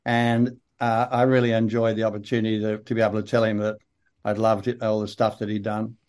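An older man with a broad Australian accent, telling relaxed, rambling anecdotes with dry humour as an interview guest. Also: fairly low pitch, a little fast. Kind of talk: casual interview storytelling.

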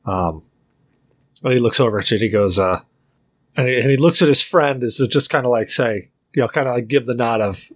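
A man's voice: mid-range voice, brisk. A young man narrating a tabletop game as game master, rambling with lots of fillers and laughter.

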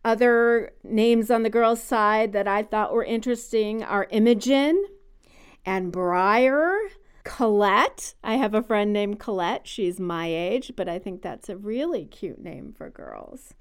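A woman's voice: mid-range voice, slow pace, smooth. A woman co-hosting a casual podcast, chatty and opinionated, explaining at length. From United States. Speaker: podcast co-host. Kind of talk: casual chat about baby names.

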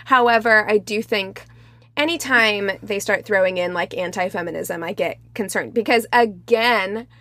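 A woman's voice: mid-range voice, normal speed, a bit bright. A woman co-hosting a casual podcast discussion, emphatic, thinking aloud with restarts. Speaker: podcast co-host.

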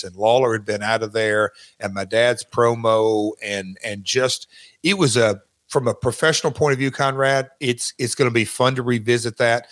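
A man's voice: mid-range voice, fairly bright tone. A man speaking as an interview guest, talking casually and rambling with many restarts. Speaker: guest recalling his wrestling career.

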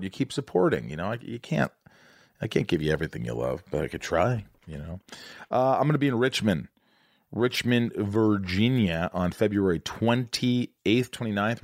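Deep-voiced joking male podcast host. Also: no room sound, studio quality. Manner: joking, loose and rambling. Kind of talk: casual interview chat.

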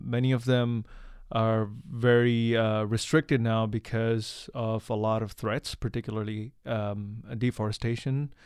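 Smooth-voiced man explaining with earnest fillers. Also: mid-range voice, a little mellow, no room sound, studio quality. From India. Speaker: wildlife researcher and conservationist guest. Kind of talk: conversational interview answers.

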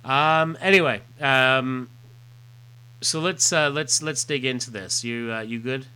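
A man's voice: medium pitch, bright, forceful tone, clear, resonant tone. A man co-hosting a casual chat, talking hesitantly with many fillers. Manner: hesitant, halting, reacts with short remarks. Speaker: podcast co-host.

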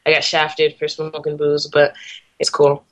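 A woman's voice: low voice, completely flat delivery, unhurried, highs cut off. A young woman from the Boston area, a musician guest, chatting casually with frequent laughs and fillers. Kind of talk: casual interview chat.

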